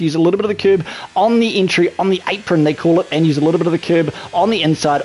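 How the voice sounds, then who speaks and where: Excitable male race commentator. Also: a little high, low-quality recording. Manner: excitable, colloquial, talks through an onboard lap. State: a little out of breath. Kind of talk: energetic sim racing commentary.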